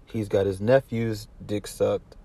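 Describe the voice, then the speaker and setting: Warm and husky, this man's fairly low voice moves at a slow pace with a level tone and a Southern accent. He's an Atlanta commentary vlogger whose casual talk is rambling and profane, with many restarts and ready laughter.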